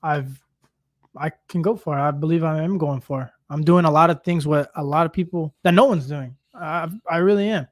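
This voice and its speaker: A man's voice: fairly high pitch, moderate pace, dry recording, studio quality. A young man being interviewed as a guest, speaking confidently and emphatically. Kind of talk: casual interview.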